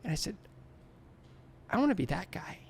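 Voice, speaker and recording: Brief: man, 60s, gravelly voice, lively interview storyteller who acts out the dialogue. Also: high-pitched, normal speed, slight background noise. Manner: animated, laughs often, acts out remembered dialogue. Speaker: guest, former Olympic figure skater.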